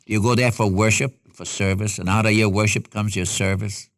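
A man's voice: on the low side, steady tone, a little fast, dry recording, clean studio sound. A man preaching a sermon in an earnest, folksy way, asking rhetorical questions and speaking straight to his listeners as a Bible teacher.

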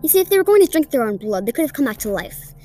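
A cruel walking corpse with a menacing, hissing way of speaking, read out by a woman. The voice sits high, with quiet music playing faintly behind it in this storytelling recording. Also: big pitch swings, racing. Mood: gloating. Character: evil murderous male corpse, cruel.

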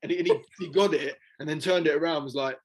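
A man's voice: on the high side, very fast. A young man co-hosting a casual chat, telling a self-mocking story and laughing at himself. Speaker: podcast co-host.

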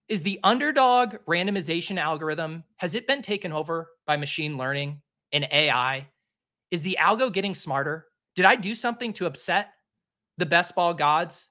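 Bright-voiced man ranting dramatically. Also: on the high side, lively intonation, a little fast. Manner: theatrical self-pitying rants; rambling and joking. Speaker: podcast host. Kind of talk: live-drafting commentary, casual chat.

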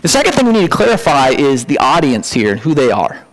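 A man preaching a conversational sermon, animated, with sudden high-pitched emphatic asides. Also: fast, low-quality recording. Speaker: pastor.

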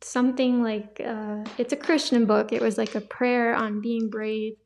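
Soft-spoken young woman, gravelly and halting. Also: a little high, steady tone, slight background noise. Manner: soft, halting, emotional, many pauses and fillers. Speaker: podcast host. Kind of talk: personal testimony, casual talk.

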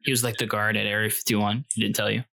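A man's voice: fairly low pitch, level tone, fast talker, gravelly, pushed and bright. A young man co-hosting a podcast, throwing in goofy, absurd jokes. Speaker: podcast co-host. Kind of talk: casual joking chat.

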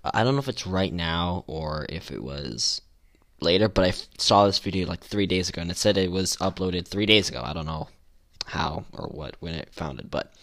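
A man's voice: low voice, animated, normal speed, fairly bright tone. A young man hosting a solo podcast, talking casually and rambling with restarts and fillers. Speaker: podcast host.

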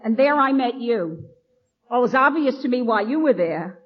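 A woman's voice: on the high side, moderate pace, breathy edge. Nun telling her story, lo-fi tape. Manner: lively storyteller, acts out quoted lines. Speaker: nun speaking at a recovery meeting. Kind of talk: personal recovery talk to an audience. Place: meeting hall, addressing an audience. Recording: dull lo-fi archival recording.

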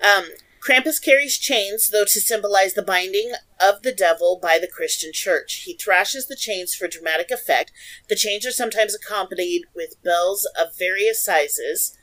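A woman's voice: mid-range voice, moderate pace, fairly bright tone, rough recording. A young woman co-hosting a casual podcast, reading folklore research aloud with playful, giggly asides. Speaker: podcast co-host.

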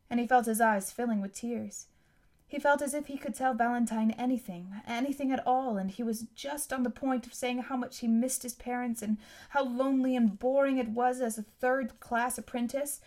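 A woman reading a novel aloud as narrator, in a steady, even storytelling manner. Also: fairly high pitch. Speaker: audiobook narrator. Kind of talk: scripted narration.

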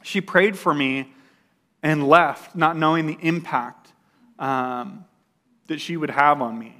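A young man sharing a personal testimony in a casual storytelling style, full of "like" fillers and animated retelling. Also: fairly high pitch, slow.

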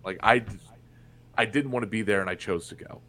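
A man's voice: fairly low pitch, brisk, bright, forceful tone. A young man from Indiana, a podcast guest, telling a personal story in a candid, blunt way and swearing freely. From Indiana, USA. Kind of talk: casual storytelling in conversation.

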